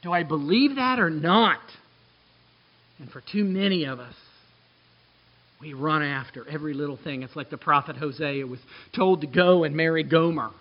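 A man preaching a sermon, moving between loud, excited exclamations and quiet, hushed asides. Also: on the high side, normal speed, lo-fi sound. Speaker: pastor.

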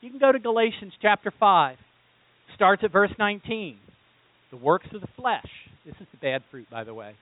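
Animated preacher, high, tinny sound. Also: male voice, moderate pace, dry recording. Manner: animated, rhetorical questions to the congregation. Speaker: pastor. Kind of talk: sermon.

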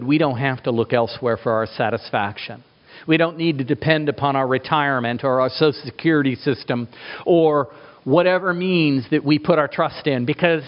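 Man, middle-aged, pastor, emphatic sermon delivery, slightly high voice, muffled lo-fi sound. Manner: emphatic preaching with rhetorical questions and dramatic pitch swings. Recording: dull lo-fi recording.

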